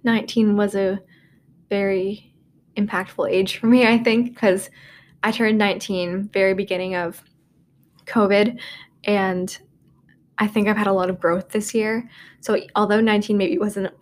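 Speaking unhurriedly with a steady tone and frequent pauses, a twenty-something woman hosts her casual podcast alone from a dorm room. Her medium-pitched voice carries lots of "um" and "like" as she rambles and puts herself down. There's slight hiss or hum.

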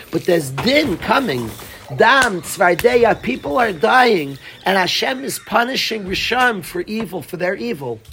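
Man, middle-aged, rabbi, Torah lecture, gravelly voice, slightly high-pitched, animated storytelling. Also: a little hiss or hum. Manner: animated storytelling with Hebrew and Yiddish terms.

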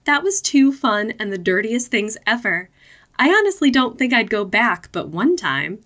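A playful young woman bubbles over with excitement, as a female narrator puts her on. She sounds high and bright, breathless and giggly, with a forceful ring. It comes across as a storybook voice in an adult audiobook. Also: moderate pace. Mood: giddy excited.

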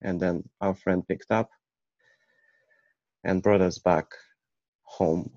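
Slow, low-voiced man telling his story. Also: fairly even intonation, darkish tone, no echo. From Ukraine. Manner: halting, with many restarts. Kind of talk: personal storytelling. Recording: dull, muffled recording.

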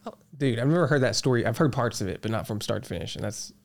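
A man hosting a podcast who reacts to his guest and asks follow-up questions in a casual, quick chat. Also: medium pitch, expressive, creaky. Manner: quick, reactive, laughs along. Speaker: podcast host.

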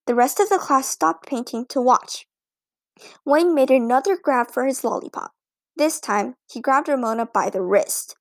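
High-voiced woman narrating a children's book. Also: expressive, normal speed, no room sound. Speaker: audiobook narrator. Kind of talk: storybook narration.

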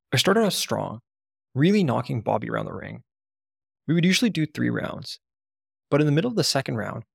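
Male narrator for first-person memoir, gravelly and raspy, blunt and profane delivery, dry close sound. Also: medium pitch, a bit bright, no echo.

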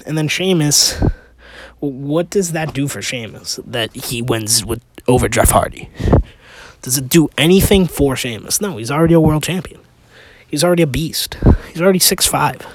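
A man's voice: on the high side, lively intonation, normal speed, noisy background. A man hosting a casual opinion podcast, rambling with restarts and rhetorical questions, sounding exasperated. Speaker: podcast host.

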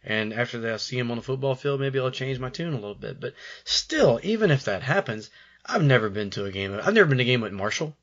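A man's voice: medium pitch, animated, fast, a bit bright, lo-fi sound. A man co-hosting a podcast, talking casually about college sports in rambling sentences with frequent stammered restarts. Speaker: podcast co-host.

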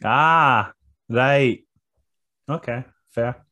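A man's voice: mid-range voice, extremely slow, sharp tone. A Scottish man co-hosting a podcast, bantering casually, laughing often and swearing freely. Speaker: podcast co-host.

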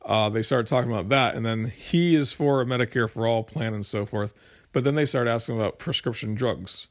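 A man's voice: mid-range voice, fairly quick. A man giving a casual, rambling commentary monologue to his viewers as a political commentator, often restarting sentences and explaining with homespun examples.

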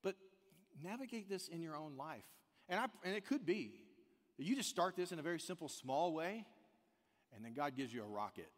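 A man from the American South preaching a sermon in a church, animated, swinging between loud emphasis and quiet intensity. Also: on the high side, brisk. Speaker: pastor. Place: church sanctuary. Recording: long hall reverb.

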